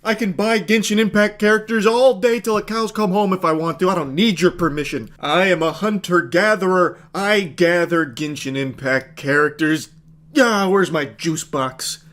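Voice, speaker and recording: A man mockingly voicing a whiny, self-righteous young man in a shrill, indignant tone. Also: moderate pace, a bit bright. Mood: chest-thumping.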